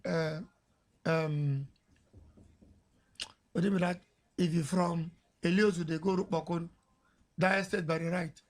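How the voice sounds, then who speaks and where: In a radio studio, a Nigerian host speaks into a studio mic, casually telling a story on air while blending pidgin and English and laughing along. His voice is slightly high, with fairly even intonation, a measured pace and frequent pauses.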